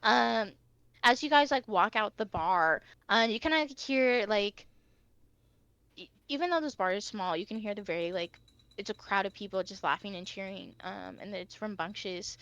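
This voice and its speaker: Bright-voiced woman game master. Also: medium pitch, lively intonation, normal speed, no room sound, lo-fi sound. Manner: casual, with many fillers like "um" and "uh". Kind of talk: narrating a tabletop game.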